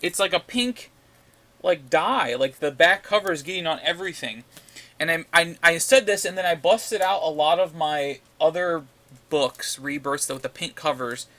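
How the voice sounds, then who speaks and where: A man's voice: on the high side, normal speed, bright, forceful tone. A man rambling casually in a comic book vlog, ranting and swearing as he shows his new pickups. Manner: ranting, profane, repeats himself.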